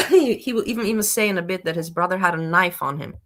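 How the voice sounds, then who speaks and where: A woman's voice: lowish voice, fast talker, a bit bright. A woman hosting a live stream, chatting casually, commenting on a guest's story and greeting viewers. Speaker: stream host. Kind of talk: casual chat.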